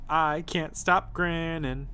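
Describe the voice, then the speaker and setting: A man voicing a flustered, excitable grown man in a text adventure game, pitched up high and loud. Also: slow pace, a little hiss or hum. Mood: giddy.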